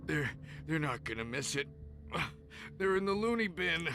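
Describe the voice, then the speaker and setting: A man's voice: on the high side, very animated, moderate pace, background noise. An actor voicing a rambling, gossipy small-town man in a video game.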